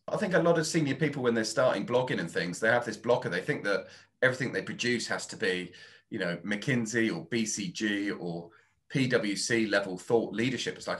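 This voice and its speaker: A man's voice: lowish voice, a bit bright. A man hosting an interview podcast, affirming his guest in an upbeat way. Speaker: podcast host.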